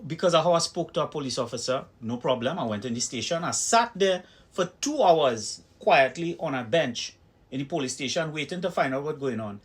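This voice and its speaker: A man's voice: fairly high pitch, animated, fairly quick. A man with a Trinidadian accent telling personal stories in an opinion vlog, speaking emphatically and acting out heated exchanges. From Trinidad and Tobago. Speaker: video commentator.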